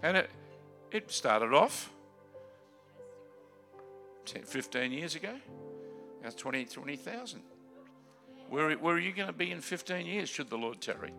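An older Australian man preaching in a gravelly, very bright and piercing voice. He rambles and jokes, then shouts out calls to the crowd and drops to low asides, over faint music. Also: big pitch swings, a little slow, pauses often. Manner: jokey, rambling preacher who swings from loud exclamations to low asides. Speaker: guest preacher. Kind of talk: sermon.

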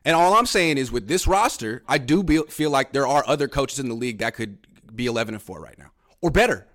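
A man, a sports journalist, pushing back in a heated casual debate with quick, defensive rebuttals and bursts of laughter. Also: medium pitch, expressive, a bit bright. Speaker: sports journalist covering the team.

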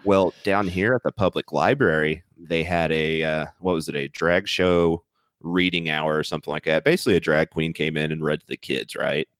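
A man's voice: extremely low pitch, fairly even intonation, normal speed, a bit bright, dry recording. A young American man co-hosting a podcast, chatting casually and animatedly, swearing and laughing often. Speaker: podcast co-host.

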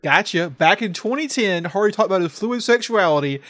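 A young man co-hosting a podcast, animated and mock-outraged, swearing freely in casual chat. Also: sits high, brisk. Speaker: podcast co-host.

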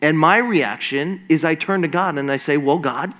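A young adult man preaching a sermon, telling a story in an animated way and acting out the quoted voices. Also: fairly high pitch, normal speed.

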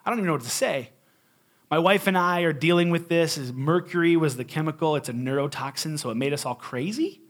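A male pastor preaching in a conversational storytelling style, animated and joking, with emphatic swings between loud and quiet. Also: fairly high pitch. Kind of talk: storytelling sermon.

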